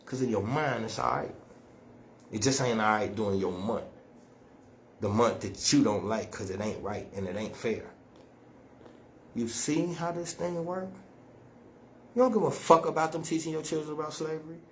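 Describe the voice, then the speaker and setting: A man's voice: medium pitch, normal speed, pauses often, a little hiss or hum. A man delivering a blunt, profane, scolding monologue as an activist speaker. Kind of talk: impassioned monologue to camera.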